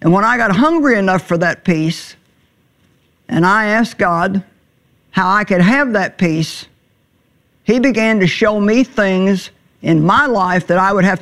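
A middle-aged woman teaching the Bible in a sermon, earnest and plainspoken, slowing down on words she wants to stress. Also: medium pitch, fairly bright tone, faint music behind. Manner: earnest, plainspoken, slows for emphasis.

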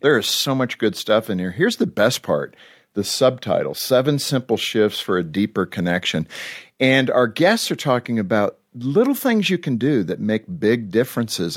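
Lively middle-aged male talk show host. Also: fairly low pitch, breathy edge, no echo, clean studio sound. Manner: lively, joking, laughs easily. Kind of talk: casual talk-show conversation.

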